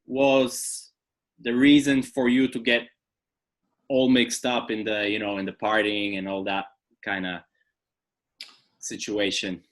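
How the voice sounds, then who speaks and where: A man, a native Polish speaker, hosting a podcast and asking halting, restarting questions in casual interview talk. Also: lowish voice, flat delivery.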